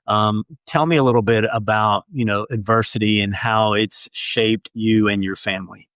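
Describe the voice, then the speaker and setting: A man's voice: on the low side, fairly even intonation, moderate pace, fairly bright tone, no room sound. A man hosting a podcast, asking an interview question in an encouraging, conversational way. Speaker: podcast host.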